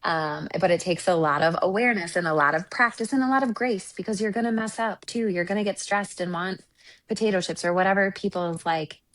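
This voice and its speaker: A woman's voice: medium pitch, fairly even intonation, brisk, fairly bright tone. A woman relationship coach and Reiki practitioner talking earnestly in an interview, often checking in with "right?". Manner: reflective, earnest, often ending points with "right?". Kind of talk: conversational interview storytelling.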